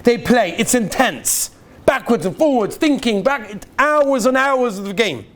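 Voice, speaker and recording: A man's voice: expressive, measured pace, a bit bright. A man, a rabbi, welcoming yeshiva students with parables, acting out the characters and sprinkling in Yiddish and Hebrew words. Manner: storytelling, acts out characters with big pitch swings. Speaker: rabbi giving a welcome talk. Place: yeshiva hall.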